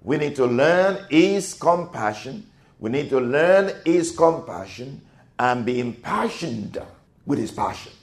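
A man preaching and praying as a pastor, repeating phrases as his voice swells loud and drops low. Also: lively intonation, roomy sound. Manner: slow, swelling preaching with repeated phrases, rising to near-shouts and dropping low. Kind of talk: sermon with prayer.

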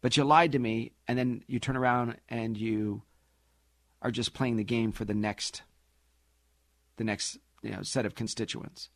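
A man hosting a financial talk radio show, talking in an animated, sarcastic way. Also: medium pitch, measured pace, no echo, clean studio sound. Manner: animated, sarcastic, mocks others in put-on voices.

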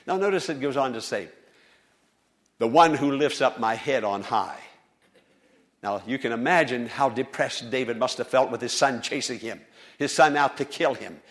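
A male pastor preaching a sermon to a congregation, swinging from soft, low lines to loud, high appeals. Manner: preaching with dramatic swings in loudness and pitch. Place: church.

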